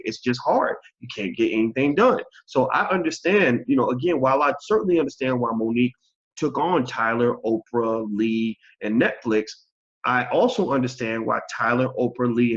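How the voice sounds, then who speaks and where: A man hosting his own channel, giving blunt, animated opinion commentary and swearing freely. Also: medium pitch, vocal fry, muffled recording. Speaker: channel host.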